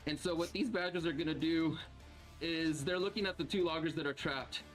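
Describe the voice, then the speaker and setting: A man's voice: on the high side, brisk, faint music behind. Chatty man narrating as game master. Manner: animated, laughs often, fills with "like" and "uh".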